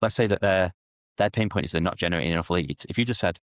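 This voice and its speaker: A man, a podcast guest explaining sales in an animated way and acting out client conversations. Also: sits low, fast talker, dry recording, studio quality. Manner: animated, acts out sales dialogues in quotes. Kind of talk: podcast interview.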